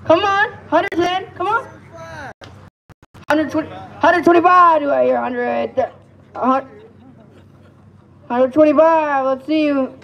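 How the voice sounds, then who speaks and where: A man's voice: very high-pitched, slow pace, vocal fry, pauses often, fairly bright tone, muffled recording. A man calling bids at a live auction, coaxing and pleading with the crowd and repeating each price. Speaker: amateur auctioneer.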